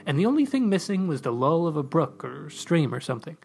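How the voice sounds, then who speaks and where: A man's voice: fairly high pitch, big pitch swings, brisk, vocal fry, a little mellow, a little hiss or hum. A man hosting a podcast, reading a comic story aloud in a theatrical, pompous first-person voice.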